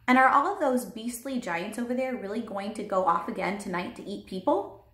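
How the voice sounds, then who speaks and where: A woman voicing a curious, earnest young girl who asks eager questions in a raised, bright voice, read aloud in a roomy space. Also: medium pitch, a little fast, lightly acted. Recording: roomy echo.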